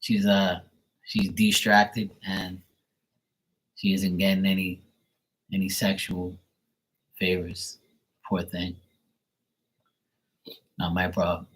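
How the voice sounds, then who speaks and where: A man's voice: deep voice, little pitch movement, takes it slowly, long pauses, fairly bright tone, poor audio. A man chatting casually on a livestream as a tarot reader, blunt and profane, ranting with chuckles.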